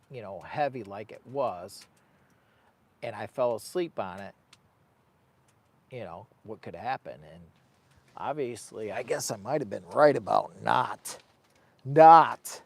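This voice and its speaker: A middle-aged camping vlogger chats on a casual livestream from inside a heated tent while a cold wind blows outside. His mid-range voice carries no echo, and he rambles along in colloquial, emotional fashion.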